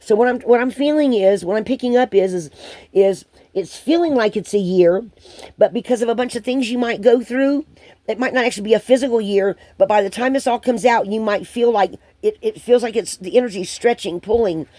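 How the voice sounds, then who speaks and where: A woman giving a channeled spiritual card reading to viewers, hesitant and rambling with many pauses and restarts. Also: fairly high pitch, dark tone, no room sound.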